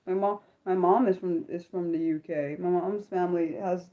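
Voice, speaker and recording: An American woman hosting an unscripted livestream, chatting in a rambling, animated way with many fillers and restarts. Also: fairly low pitch, moderate pace, hardly any pauses. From Maryland, United States. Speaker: livestream host. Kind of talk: unscripted livestream chat, answering viewers.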